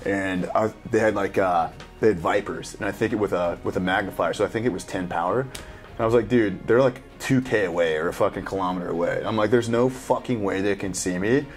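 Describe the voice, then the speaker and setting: Faint music plays behind this low, brisk male voice. He's a military veteran in his thirties, formerly special operations, reacting to a game and spinning loose, profanity-heavy stories, cursing nonstop in casual chat.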